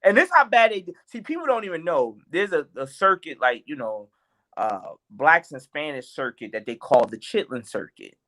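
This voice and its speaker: Lively man telling a comedy tale. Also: on the high side, moderate pace. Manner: lively, acts out quotes, laughs often. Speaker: guest comedian. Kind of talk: animated storytelling in a podcast interview.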